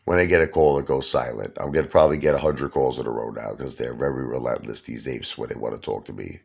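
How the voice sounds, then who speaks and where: A man's voice: very deep voice, quick pace, creaky, darkish tone, breathy edge. A man with a Brooklyn accent telling a street story in a casual monologue, talking tough and asking "okay?" and "you understand?" again and again. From Brooklyn, New York. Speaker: channel host.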